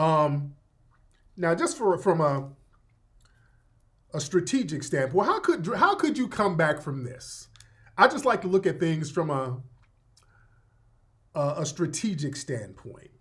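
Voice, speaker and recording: A middle-aged man hosting an online radio show, talking loosely and directly to his viewers in casual commentary. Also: a little high.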